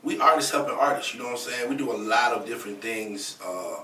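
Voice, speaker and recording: Fast, laid-back man. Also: medium pitch, bright, forceful tone, slight background noise. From Atlanta, USA. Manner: laid-back, keeps saying "you know what I'm saying". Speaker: guest, record label head. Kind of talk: casual interview chat. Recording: echoey room, mic at a distance.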